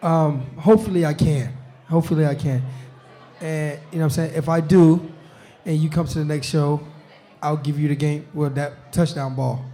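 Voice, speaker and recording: A young man chats as a football player guest at a live show in a restaurant. His voice is warm and mellow and sits a little high. He talks loosely, laughs often and keeps saying "you know what I'm saying.". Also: fairly even intonation, moderate pace. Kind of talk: casual live-show chat.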